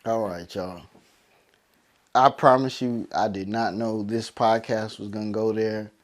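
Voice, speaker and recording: A man's voice: fairly low pitch, steady tone, a little slow. A man hosting a solo podcast, teary and emotional, building his points through preacher-like repetition. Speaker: podcast host. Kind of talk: heartfelt solo podcast monologue.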